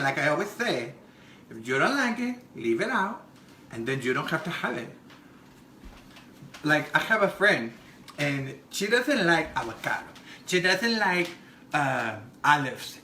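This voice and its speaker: A man voices a gossipy, brassy middle-aged Mexican-American woman home cook hosting a comedic cooking demonstration. The raised voice rings bright and sharp, lurching between squeals and low mutters as she chats, giggles and makes crude asides while showing a recipe. The kitchen echoes, with a little hiss or hum.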